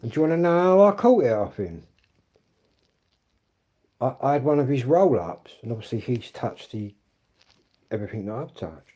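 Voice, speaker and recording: A man's voice: medium pitch, sing-song, normal speed, long pauses, dark tone, slightly rough. An English man in his fifties ranting bluntly and swearing a lot in a live stream monologue. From England. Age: 50s. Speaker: livestreamer.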